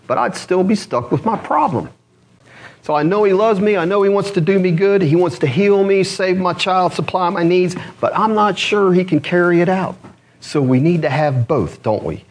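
A man's voice: mid-range voice, breathy edge. A man preaching a sermon as pastor, earnest, asking the congregation rhetorical questions. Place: church.

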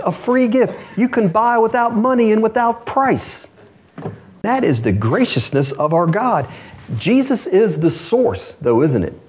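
A man's voice: fairly high pitch, darkish tone, breathy edge. A man preaching a sermon as pastor, earnest, asking rhetorical questions and reading scripture aloud. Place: church.

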